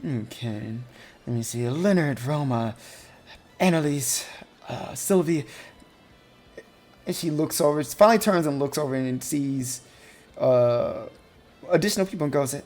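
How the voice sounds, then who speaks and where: A game master narrating a tabletop game at a middling pitch. The narration is descriptive and unhurried, broken up by frequent ums and uhs. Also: animated, a little mellow, soft background music.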